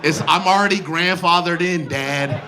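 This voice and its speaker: A man in his thirties performing a stand-up comedy set with an animated, playful, slangy delivery on a handheld mic. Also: on the high side, normal speed, background noise. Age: 30s. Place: comedy club stage with audience laughter. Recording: loud live crowd laughter.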